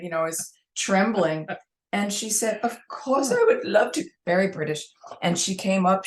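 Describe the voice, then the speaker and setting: New York woman telling rambling stories. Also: lowish voice. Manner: rambling anecdotal storyteller. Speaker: guest. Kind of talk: casual interview chat.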